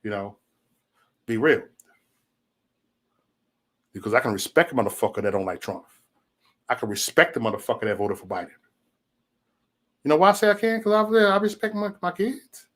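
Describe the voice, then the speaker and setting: A man's voice: mid-range voice, big pitch swings, normal speed, long pauses. A man hosting his own livestream, talking in a loose, profane, rambling way and telling stories with a lot of animation. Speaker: livestream host. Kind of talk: casual livestream rant.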